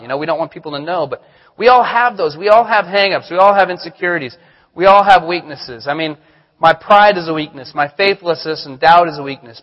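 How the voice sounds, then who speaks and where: A man's voice: high-pitched, a bit bright, long reverb tail, muffled recording. A male pastor giving a sermon, telling candid stories about himself with self-deprecating humor. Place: church sanctuary.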